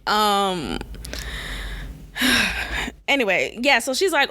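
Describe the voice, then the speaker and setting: A woman's voice: medium pitch, very animated, very slow, pauses often, pushed and bright. A woman hosting a podcast, giving blunt, sassy, profane commentary and mocking the people she quotes. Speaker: podcast host. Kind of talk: opinionated commentary.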